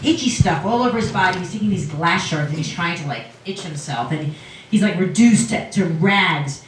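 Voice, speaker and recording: A woman rabbi giving a casual, lively lecture, retelling a story to an audience. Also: on the low side, moderate pace, a little hiss or hum. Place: lecture room. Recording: echoey hall from far off.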